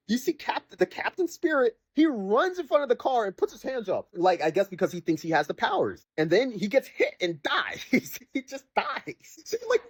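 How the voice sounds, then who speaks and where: With a mid-range, slightly breathy voice and no echo, a podcast host rambles through an exasperated, casual rant reviewing a video game. The talk is full of filler words, and characters get quoted in sarcastic mock voices.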